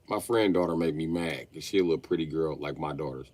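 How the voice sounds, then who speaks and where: Here a man in his late thirties delivers a comedic storytelling rant on a livestream, swearing freely and laughing mid-story. His rumbling low voice moves at normal speed with frequent pauses, and the recording is dry.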